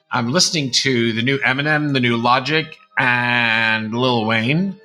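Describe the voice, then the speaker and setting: A man's voice: mid-range voice, a little slow, hardly any pauses, pushed and bright, soft background music. A man in his fifties hosting a podcast, chatting casually and rambling through a closing monologue. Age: 50s. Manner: chatty, rambling, shifts between accents. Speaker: podcast host.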